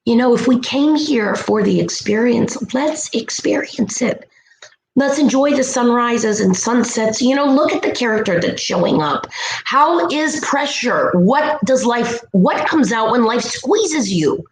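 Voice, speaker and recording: Animated spiritual vlogger woman, echoey room. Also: fairly high pitch, measured pace, vocal fry. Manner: animated, playful voices for asides. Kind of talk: motivational self-help talk. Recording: echoey room with faint noise.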